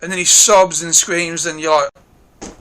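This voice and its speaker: A man reviewing a film in a casual, gushing way. His voice is high and bright, and he talks excitably and swears freely. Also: a little slow.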